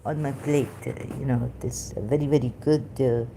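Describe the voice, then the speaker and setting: Halting low-voiced woman, gravelly and mellow. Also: steady tone, noisy background. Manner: hesitant, halting, drifts into whispers. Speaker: livestreamer. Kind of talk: rambling solo livestream talk.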